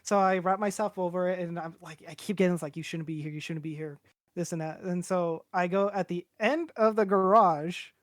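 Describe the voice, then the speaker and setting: A man's voice: high voice, a little fast, no echo, clean studio sound. A young man telling a long personal story on a podcast in a casual, rambling way, swearing freely and acting out what everyone said. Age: young adult. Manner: rambling, profane, acts out quoted voices.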